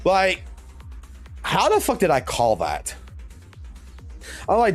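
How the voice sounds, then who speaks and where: A man streaming games, talking in an excited, rambling way with constant swearing. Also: sits high, slow, long pauses, soft background music. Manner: profane, animated, rambling. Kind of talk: excited gaming stream talk.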